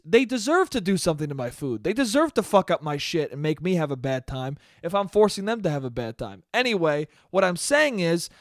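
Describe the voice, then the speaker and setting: A man hosting a solo podcast, ranting in a profane, exasperated way with sudden loud spikes. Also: on the high side, no echo, clean studio sound. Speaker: podcast host.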